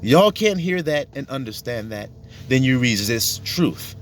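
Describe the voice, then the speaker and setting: Emphatic preacher man, lively pitch. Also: measured pace, a little hiss or hum. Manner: emphatic and profane, acting out dialogues. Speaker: religious teacher. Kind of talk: casual sermon.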